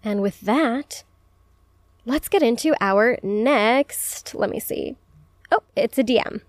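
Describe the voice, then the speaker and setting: A woman's voice: a little high, lively intonation, takes it slowly, dry recording. A young woman in her twenties hosting an advice podcast in a casual, chatty way, swearing freely, laughing often and saying "like" a lot. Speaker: podcast host.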